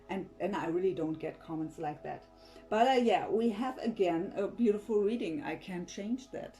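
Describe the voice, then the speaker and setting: Low, mellow-voiced woman tarot reader. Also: normal speed, soft background music, rough recording. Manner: defensive, rambling with restarts and sighs. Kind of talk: casual tarot reading to camera.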